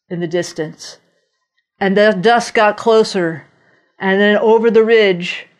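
A woman delivers a sermon at an unhurried pace. She tells the stories in a lively way and acts out the voices of the figures in them. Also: medium pitch. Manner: animated storytelling, acting out voices of biblical figures. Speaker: preacher.

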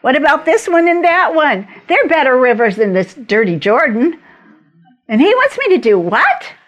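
A woman's voice: high voice, normal speed, fairly bright tone, highs cut off, voice pushed up. A woman doing a proud, offended army commander. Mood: indignant. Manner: indignant, huffy complaining.

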